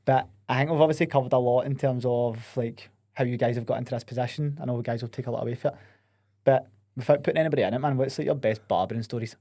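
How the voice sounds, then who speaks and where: A man's voice: mid-range voice, steady tone, rapid-fire, dark tone. A young Scottish man hosting a podcast, chatting casually, swearing and laughing often. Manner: laughs often, swears, says "mate" a lot. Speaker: podcast host. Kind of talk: casual chat.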